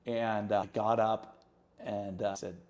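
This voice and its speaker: A middle-aged man, a real estate agent on a podcast, telling lively stories and acting out the people in them. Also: fairly low pitch, unhurried. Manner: lively, acts out quotes in his stories. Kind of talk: animated storytelling in an interview.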